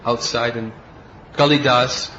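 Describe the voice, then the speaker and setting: A man's voice: medium pitch, steady tone, slow, bright, forceful tone, slight background noise. Man telling a devotional story, lo-fi. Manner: storytelling, acts out quoted speech. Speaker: spiritual teacher giving a class.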